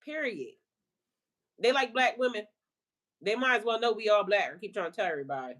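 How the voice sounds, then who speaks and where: A woman's voice: medium pitch, expressive, brisk, fairly bright tone. A woman hosting a livestream as a spiritual life coach, chatting casually with viewers in a playful, slangy way and laughing often.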